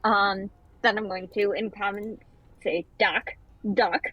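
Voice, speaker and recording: Husky woman player on a dull mic. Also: mid-range voice, flat delivery, a little slow, dry recording. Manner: chatty, hesitant, with fillers. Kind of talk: playing a tabletop game.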